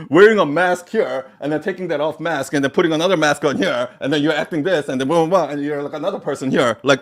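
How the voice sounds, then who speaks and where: A man's voice: on the high side, quick pace, hardly any pauses. A man hosting a live Q&A, answering viewer questions bluntly, swearing freely and often laughing between points.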